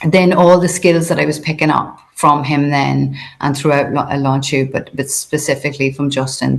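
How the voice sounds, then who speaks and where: Low gravelly-voiced woman guest. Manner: hesitant, many fillers and restarts. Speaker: interview guest. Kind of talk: conversational interview.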